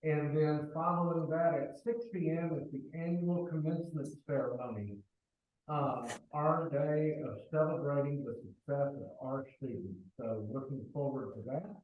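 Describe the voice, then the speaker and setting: A man giving a college president's report at a board meeting, reading announcements in a measured, businesslike way. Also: a little high. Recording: distant, echoey, tinny phone-like line with faint hiss.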